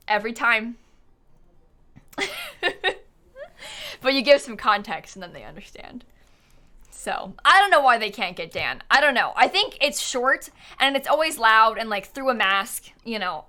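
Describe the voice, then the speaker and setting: A woman's voice: fairly high pitch, sharp tone. A woman from the United States live-streaming a game, chatting casually and rambling, often laughing and answering her chat.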